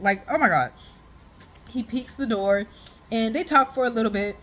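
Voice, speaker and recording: A woman chatting casually as if on a call with a friend, excited and slangy, rambling and laughing often. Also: a little high, normal speed. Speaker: vlogger.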